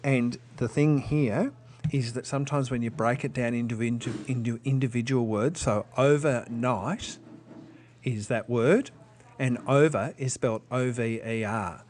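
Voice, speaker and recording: A man's voice: mid-range voice, unhurried, a little mellow. A man, a teacher patiently explaining test strategies to students and thinking aloud with small restarts.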